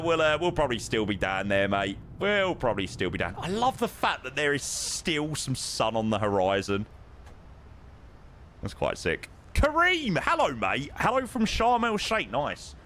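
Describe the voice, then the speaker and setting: A young man chats casually with his viewers, greeting them by name and calling everyone mate. His pitch swings widely as he talks. There's a faint hum of room ambience behind him. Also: a bit bright. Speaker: flight sim streamer. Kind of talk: casual live-stream chat with chat readers.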